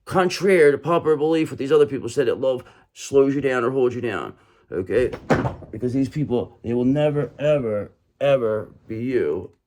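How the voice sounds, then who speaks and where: Over some background noise, a medium-pitched man reads tarot for his viewers at a moderate pace. His delivery is emphatic and repetitive, peppered with "okay?" and "brother."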